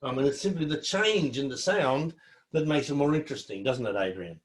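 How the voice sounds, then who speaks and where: A man's voice: medium pitch, lively intonation, fairly quick, echoey room. A man presenting a student seminar in a friendly, encouraging, conversational way.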